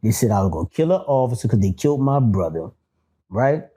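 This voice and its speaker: A man telling prison stories in a casual interview, animated and profane, acting out quotes. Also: mid-range voice, brisk, breathy edge. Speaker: guest, former prisoner.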